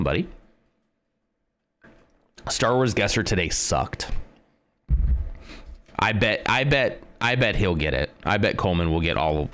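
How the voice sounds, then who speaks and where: A fairly low-pitched man talking casually on a live stream. His voice moves around a lot, jumping up when he greets viewers and sinking low when he's unsure. He thinks aloud in a relaxed, conversational way. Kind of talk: casual live-stream chat while playing a guessing game.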